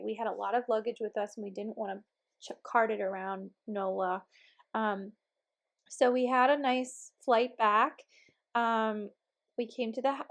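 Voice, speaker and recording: A woman in her thirties with a hoarse voice, chatting casually and upbeat through a planner vlog, with frequent ums. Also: a little high. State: hoarse from illness. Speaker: planner vlogger.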